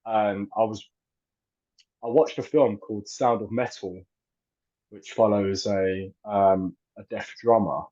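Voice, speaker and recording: A man's voice: fairly low pitch, fairly even intonation, slow pace, warm tone. A man in his thirties, a guest in a casual interview, talking hesitantly with many fillers and restarts. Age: 30s. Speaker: actor and filmmaker guest. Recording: dull lo-fi audio.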